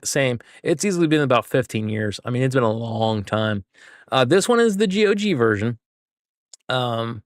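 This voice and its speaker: A man's voice: mid-range voice, dry recording, studio quality. A man streaming a game, chatting with viewers and thinking aloud as he works through a puzzle. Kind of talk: casual live gameplay chat.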